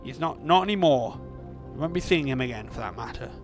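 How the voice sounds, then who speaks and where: A man voicing a furious, snobbish middle-aged mother scolding her child in a shrill, indignant tone. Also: animated, brisk, faint music behind, lightly acted.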